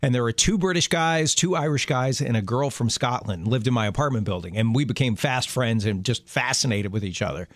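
A middle-aged man co-hosting a talk show, chatting casually and telling stories with quick laughs. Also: medium pitch, animated, no room sound. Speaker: radio show co-host. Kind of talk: casual chat.

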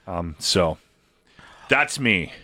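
A man hosting a casual morning radio show, chatty and animated, acting out what other people say. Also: deep voice, drawn-out words, no room sound. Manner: chatty, animated, acts out quotes.

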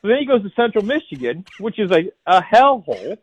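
A man who is a guest college football writer on a radio interview, making a fast, emphatic argument that builds point by point. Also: high voice, big pitch swings, slightly rough, dull audio.

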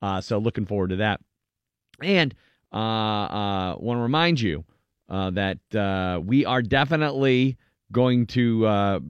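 Low-voiced male radio host. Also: no echo, muffled recording. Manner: easygoing, many fillers. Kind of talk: radio show talk.

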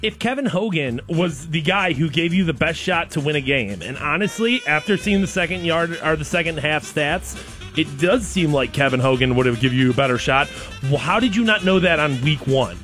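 A man's voice: on the high side, lively intonation, normal speed, a bit bright, soft background music. A man co-hosting a sports talk show, talking animatedly and restarting his sentences often. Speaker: radio sports show co-host.

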